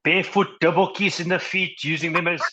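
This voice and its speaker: A man's voice: sits high, steady tone, fairly quick, bright, forceful tone. A South African man from the Eastern Cape, a rugby player, joking and teasing as a podcast guest. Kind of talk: casual chat.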